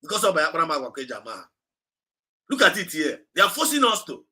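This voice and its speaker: A man with a Nigerian accent addresses his livestream audience in an impassioned, exhorting way, repeating phrases for emphasis. His voice sits fairly high and sounds bright and forceful. He switches between Igbo and English mid-sentence. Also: sing-song, quick pace, poor audio. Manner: urgent, repetitive, exhorting listeners. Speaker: activist livestream host.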